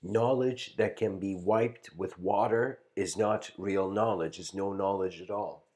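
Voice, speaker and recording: A man voicing a wise wandering mystic, delivering slow and solemn sayings within a lecture. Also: low voice, fairly even intonation, a little mellow. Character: wise wandering male mystic, calm and weighty.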